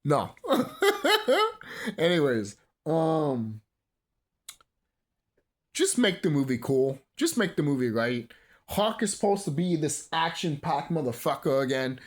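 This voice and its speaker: With a fairly high voice that swings widely in pitch, this thirty-something movie commentary vlogger takes his time, delivering a casual, profane, rambling rant punctuated by bursts of laughter.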